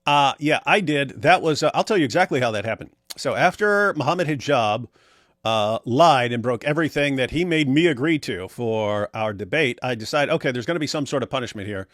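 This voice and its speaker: A man's voice: mid-range voice, animated, a little fast, a bit bright, no room sound. Middle-aged male stream host, blunt and sarcastic, dry close mic. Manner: blunt, sarcastic, reads viewer chat aloud. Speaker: livestream host. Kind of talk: casual live-stream chat.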